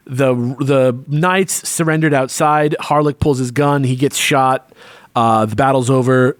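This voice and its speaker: A man co-hosting a podcast, casually recapping a comic with loose, profane storytelling and quick acted-out quotes. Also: mid-range voice, dry recording, clean studio sound. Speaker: podcast co-host.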